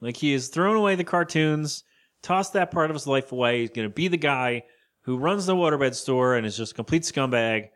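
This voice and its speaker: A man's voice: mid-range voice, lively intonation, a bit bright. A man co-hosting a casual podcast, rambling through an episode recap and acting out characters' lines. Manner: rambling, acts out characters' lines in quick voices. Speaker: podcast co-host.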